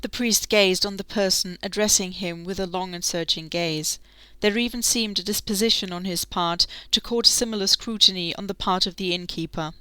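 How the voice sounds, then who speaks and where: Bright, crisp woman narrating an audiobook. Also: medium pitch, fairly even intonation, normal speed, no room sound.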